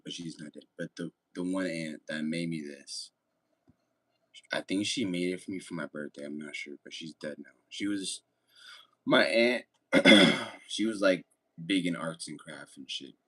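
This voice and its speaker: Low-pitched and a bit bright, a man hangs out on a casual stream, kidding around with viewers. His manner is laid-back, and he reads messages from chat aloud.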